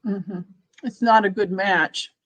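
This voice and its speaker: A woman's voice: mid-range voice, fairly even intonation, slow pace, no room sound. A woman guest, a spiritual medium and author, on a live online chat. She gives brief affirmations and asks clarifying questions.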